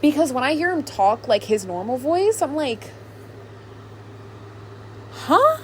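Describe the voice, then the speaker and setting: A woman's voice: sits high, sing-song, normal speed, a little mellow, slight background noise. A woman hosting a podcast, chatting casually and ranting with animation and plenty of fillers. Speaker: podcast host. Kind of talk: casual opinionated chat.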